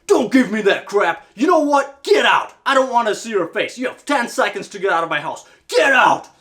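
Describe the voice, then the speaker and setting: A man voicing a furious homeowner who yells at a repairman. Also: high-pitched, sing-song, normal speed, voice pushed up, full character voice. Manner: shouting, explosive. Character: furious middle-aged male homeowner yelling.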